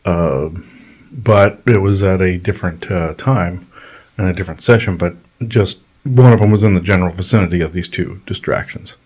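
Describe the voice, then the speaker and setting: A man's voice: deep voice, moderate pace, a little mellow, breathy edge. A man hosting a podcast, telling long, rambling stories in a blunt, profane way, full of fillers. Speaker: podcast host. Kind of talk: casual storytelling on a podcast.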